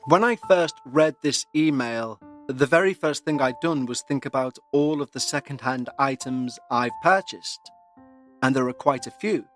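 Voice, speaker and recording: A man hosting a paranormal podcast, speaking in an earnest, measured way. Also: medium pitch, soft background music. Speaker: podcast host. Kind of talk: scripted paranormal podcast narration.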